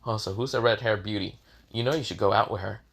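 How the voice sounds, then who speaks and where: A man's voice: fairly low pitch, fast talker, gravelly, fairly bright tone, husky, heavily acted. A man voicing a lazy, perverted male red dragon in a storybook reading, grumbling and crude. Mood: teasing.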